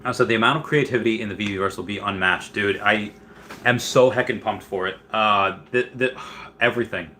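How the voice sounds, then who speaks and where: A man hosting a casual livestream who rambles on, reads viewer comments aloud and breaks into loud, excited bursts. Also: lowish voice, a little fast, slight background noise. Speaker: livestream host.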